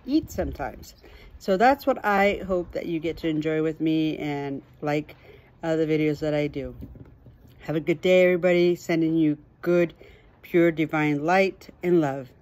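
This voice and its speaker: A woman's voice: low voice, moderate pace, a little mellow. Upbeat woman in her fifties vlogging. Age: 50s. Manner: candid, upbeat, talking while eating. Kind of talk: casual chat to camera.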